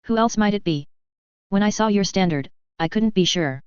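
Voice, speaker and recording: A woman's voice: medium pitch, moderate pace, clean tone, no echo, lo-fi sound, lightly acted. A woman voicing a stern, rigid older lord in a fan fiction reading, speaking curtly and coldly. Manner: curt, growling, cold.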